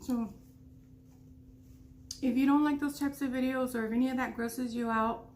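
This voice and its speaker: A woman's voice: sits high, steady tone, quick pace, darkish tone. A woman in her thirties telling a story while eating, talking casually with food in her mouth. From United States. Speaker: vlogger.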